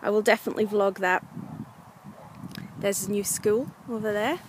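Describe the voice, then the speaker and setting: A young woman from North East England vlogs while walking her dog along the coast, talking casually to her camera with frustration and lots of fillers. Her medium-pitched voice holds a steady tone at normal speed over a noisy background.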